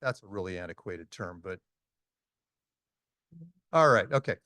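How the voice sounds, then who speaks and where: A man's voice: sits low, expressive, measured pace, bright, forceful tone, no room sound, studio quality. A man in his sixties giving a casual, story-driven presentation to an audience, with frequent ums and uhs. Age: 60s. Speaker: conference speaker. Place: meeting hall talk.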